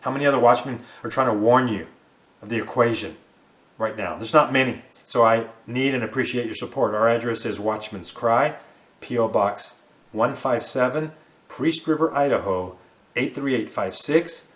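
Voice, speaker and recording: A man in his fifties delivers an impassioned end-times sermon, pressing each point with repetition and rising fervor. His voice sits at an ordinary middle pitch, and he hammers his warnings home. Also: normal speed, fairly bright tone. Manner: fiery, emphatic, repetitive. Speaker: preacher.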